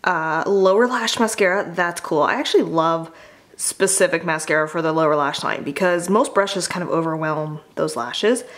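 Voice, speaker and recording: A woman with a somewhat low voice unboxes beauty products in a relaxed, chatty way. She talks like a makeup artist, upbeat and full of casual asides. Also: moderate pace. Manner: chatty and enthusiastic, with fillers.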